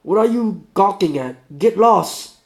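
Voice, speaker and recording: A man voicing a bitter, sickly male metalworker under forty in a put-on Russian accent, loud and snappish. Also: high-pitched, lively intonation, unhurried, voice pushed up. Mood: hostile. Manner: snappish, raised, belligerent.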